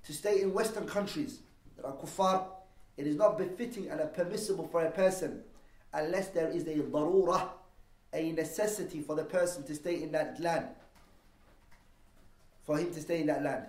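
Guy teaching a religious class, reads arabic fast then translates, echoey room, kinda far from the mic. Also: on the high side, a little mellow. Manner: explains terms, poses rhetorical questions to the class. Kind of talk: lesson on Islamic law.

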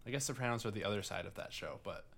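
A man's voice: on the low side, expressive, rapid-fire, vocal fry, fairly bright tone. A man with a Midwestern accent co-hosting a casual podcast, rambling with lots of fillers, restarts and swearing. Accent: Midwestern American. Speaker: podcast co-host. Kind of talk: casual chat.

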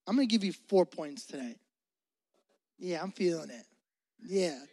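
A male pastor preaching a sermon in an energetic, slangy, joking way. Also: high voice, measured pace. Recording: long hall reverb.

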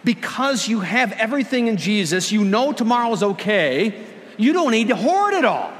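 A pastor preaching a sermon, earnest and emphatic, drawing out key words slowly for effect. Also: male voice, high-pitched, sing-song, fairly bright tone, long reverb tail. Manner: earnest and emphatic, with dramatic slowdowns. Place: church.

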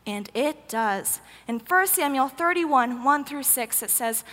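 A woman's voice: high-pitched, lively intonation, takes it slowly, hardly any pauses, bright, forceful tone. A young woman giving a casual, sarcastic, emphatic sermon in a church hall. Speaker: youth speaker. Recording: roomy hall with long echo.

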